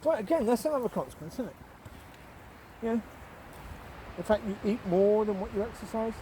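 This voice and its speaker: With a high, animated voice and a slightly fast pace, a man gives a rambling faith talk while walking his dogs through the countryside. This lay Christian vlogger keeps it conversational with tag questions to listeners, and the rough recording picks up slight background noise.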